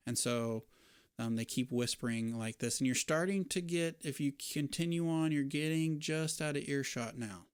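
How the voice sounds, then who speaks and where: A man narrating a tabletop role-playing game as dungeon master, relaxed, with pauses and fillers. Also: on the high side, clear, resonant tone, no echo, studio quality.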